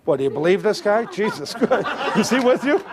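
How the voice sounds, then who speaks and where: His voice sitting high and sing-song, a man speaks fairly quickly as a stage magician, teasing a volunteer with joking banter for a live crowd. The comedy magic show was captured on a live stage with loud audience noise.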